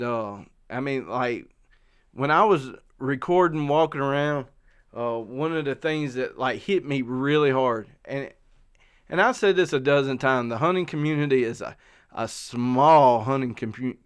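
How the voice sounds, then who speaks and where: A man's voice: mid-range voice, a little slow, clear, resonant tone. A middle-aged man with a Southern US accent, chatting casually to viewers on a live stream and rambling with lots of fillers and restarts. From South Carolina. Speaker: outdoor channel host. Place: outdoors.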